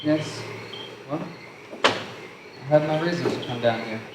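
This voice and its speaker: A teenage boy playing a wordy, sardonic young man in a high school stage play, talking in a theatrical way. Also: slow pace, close to an everyday voice. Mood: insistent. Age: teens. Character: fast-talking self-assured young man courting. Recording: roomy, distant mic, faint noise.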